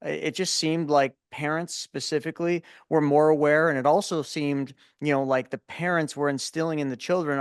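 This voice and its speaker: A man in his forties, a guest in an interview, telling stories in a lively, casual way and often repeating words as he starts a thought. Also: a little high, brisk, creaky, no echo, clean studio sound. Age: 40s. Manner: animated storyteller, repeats words when starting.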